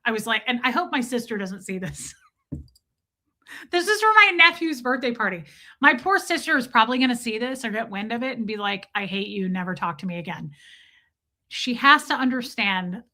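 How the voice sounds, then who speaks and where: A woman in her thirties hosts a casual live stream with a bright, forceful voice pitched a little high. She tells a story animatedly, acting out her own quoted lines, and answers viewer comments as she goes. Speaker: livestream host.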